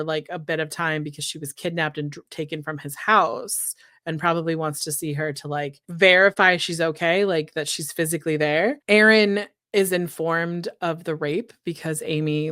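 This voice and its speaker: A woman's voice: fairly low pitch, normal speed, clean tone, dry recording, studio quality. Profane chatty woman recapping a case. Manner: blunt, profane, animated storytelling. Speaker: podcast co-host. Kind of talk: casual true-crime recap chat.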